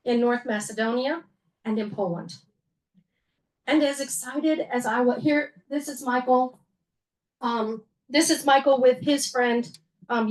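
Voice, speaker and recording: High-voiced woman giving an earnest slideshow talk. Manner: conversational, with frequent fillers and self-corrections; earnest and emotional, with wry humor. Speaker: museum executive director giving a talk.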